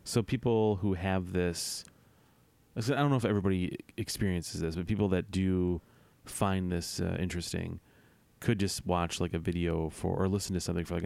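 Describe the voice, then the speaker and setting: A man co-hosting a podcast in casual chat, jokey and quick to laugh. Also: low-pitched, creaky, darkish tone, smooth, no echo. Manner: laughs often, jokey and playful. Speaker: podcast co-host.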